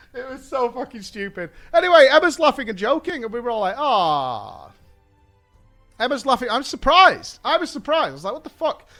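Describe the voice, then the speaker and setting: A man's voice: very high voice, normal speed. A man telling a story casually to his stream chat. He swears freely and acts out the lines of the people in the story. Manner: animated, swears a lot, acts out quotes. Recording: faint music behind.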